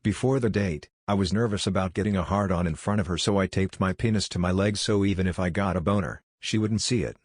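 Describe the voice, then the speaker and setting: Deep-voiced man telling jokes deadpan. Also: fast talker, hardly any pauses, dry recording, studio quality. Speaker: joke narrator. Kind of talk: reading jokes aloud.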